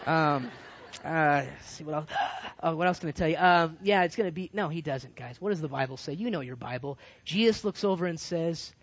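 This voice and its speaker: A man preaching a sermon to a group, his delivery animated and swinging between loud and hushed. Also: fairly high pitch, fairly quick, husky. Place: California. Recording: dull lo-fi recording.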